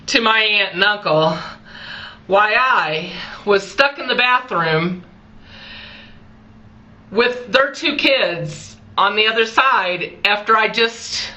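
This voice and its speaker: A woman in her forties telling a personal story to the camera in a chatty, animated way, talking straight to her viewers. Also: medium pitch, poor audio. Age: 40s. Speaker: vlogger.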